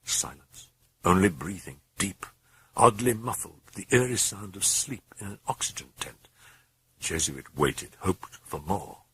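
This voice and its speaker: A man's voice: deep voice, bright, forceful tone, slightly rough. A man narrating a horror novel aloud in an intense, brooding way. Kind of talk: dramatic horror audiobook narration.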